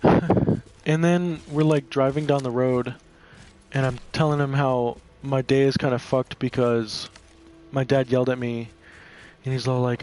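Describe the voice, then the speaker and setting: A man's voice: medium pitch, little pitch movement, a little slow, darkish tone. A man telling a personal story while gaming, rambling and profane, with lots of "like" fillers.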